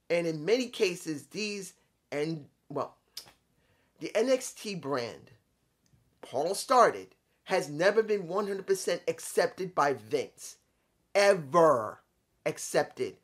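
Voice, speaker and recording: A man giving a solo wrestling opinion rant, lecturing his viewers, repeating points and telling himself to calm down. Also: high-pitched. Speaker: wrestling commentary vlogger.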